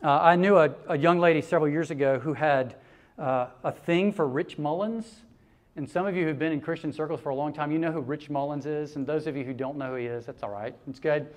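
A man preaching a sermon, telling stories in an animated way with laughter and acted-out quotes. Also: on the high side, a little fast. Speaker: pastor.

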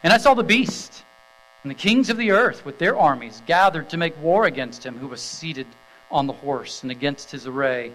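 A man's voice: a little high, expressive, normal speed, a bit bright, rough recording. A middle-aged man preaching a sermon, telling a story in an easy, conversational way with small fillers, then reading scripture aloud. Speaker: pastor.

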